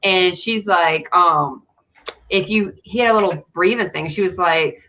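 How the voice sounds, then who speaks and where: A woman co-hosting a podcast in casual chat, telling animated stories and acting out other people's voices. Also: on the low side, a little slow. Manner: animated storyteller who acts out voices, laughing often. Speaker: podcast co-host.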